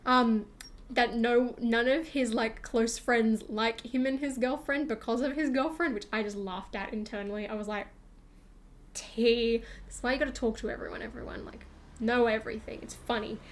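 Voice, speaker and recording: A woman's voice: fairly high pitch, fairly even intonation, normal speed. A young woman streamer rambling through a casual storytime chat, full of fillers and acted-out quotes of herself.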